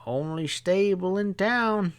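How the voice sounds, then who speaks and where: A man's voice: sits high, clean tone, pitched above the performer's own voice. A man doing a sly, drawling young stableman. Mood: placid, sly. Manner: placid slow drawl.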